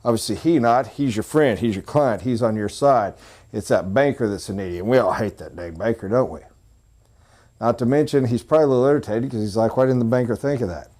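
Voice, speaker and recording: A man's voice: lowish voice, darkish tone. Blunt, joking male sales trainer. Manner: blunt, joking, pointed emphasis; talks straight to the audience with quick asides.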